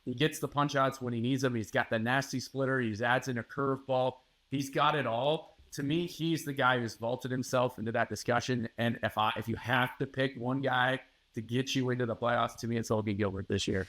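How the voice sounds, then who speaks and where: A man guest on a sports podcast giving confident, emphatic analysis at a measured pace. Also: medium pitch, fairly even intonation, a bit bright. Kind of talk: interview analysis.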